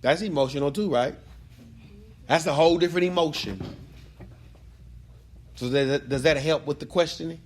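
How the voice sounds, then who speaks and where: A man teaching an evening Bible study group, animated and repetitive, calling on people by name and prompting answers. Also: on the high side, normal speed, pauses often. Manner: animated, repeats phrases, calls on students.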